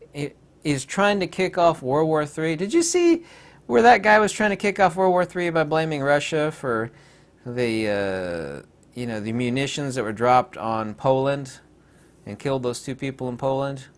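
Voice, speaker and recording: A man's voice: medium pitch, moderate pace. A man hosting a rambling, sarcastic commentary video, full of digressions and mocking asides.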